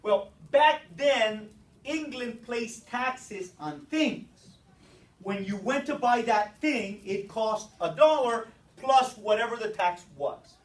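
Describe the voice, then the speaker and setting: A teacher giving a brisk classroom lecture, explaining step by step and checking in with the students. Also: medium pitch. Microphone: distant room mic. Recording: echoey classroom from far off.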